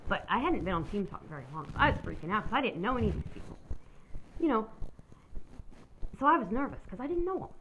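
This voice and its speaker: A woman's voice: medium pitch, very animated, quick pace, pauses often, a bit bright, muffled recording, slight background noise. A woman hosting her own podcast, telling a personal story in a candid, rambling way and swearing freely. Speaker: podcast host.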